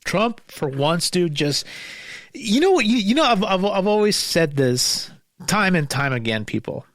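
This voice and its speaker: A young man ranting angrily and profanely in a solo commentary, repeating himself and sometimes yelling. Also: high voice, big pitch swings, unhurried. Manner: angry, profane, repeats himself, yells at times. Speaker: podcast host.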